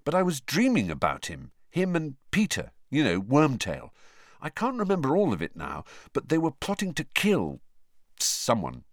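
A man's voice: mid-range voice, huge pitch swings, normal speed, dry recording, studio quality, voice pushed up. A man reading aloud and voicing a troubled teenage boy, earnest and uneasy.

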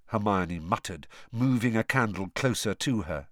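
Expressive male audiobook narrator, lively pitch, dry close recording. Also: moderate pace, no room sound. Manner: expressive storytelling. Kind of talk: scripted narration.

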